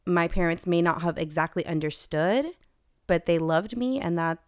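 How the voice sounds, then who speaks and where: A young American woman, a podcast guest, telling personal stories in a candid, animated way. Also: on the low side, normal speed, clear, resonant tone, dry recording, clean studio sound. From United States. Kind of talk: casual conversation.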